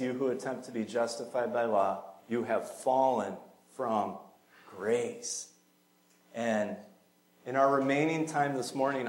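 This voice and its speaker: A man's voice: mid-range voice, a little mellow, echoey room, rough recording. A man preaching a sermon in a church sanctuary, earnest and conversational, with small fillers along the way.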